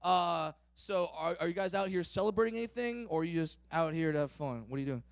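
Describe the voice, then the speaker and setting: Man, stand-up comic, brash and profane, high voice, gravelly, dry sound. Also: animated, quick pace, no echo. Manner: brash, profane, loud punchlines, teasing the audience; mimics others in higher voices. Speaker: stand-up comedian. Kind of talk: live stand-up and crowd work.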